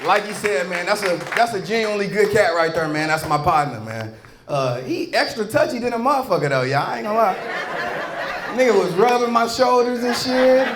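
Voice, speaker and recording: A man with a St. working a comedy club crowd, his voice sitting high and carrying crude, playful jokes that break into shouts. The room rings with echo around him. A loud, lively audience roars behind him. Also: fairly quick, heavy background noise. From St. Louis, Missouri. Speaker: stand-up comedian. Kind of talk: stand-up comedy set. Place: comedy club stage before a live crowd. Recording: echoey club with a roaring crowd.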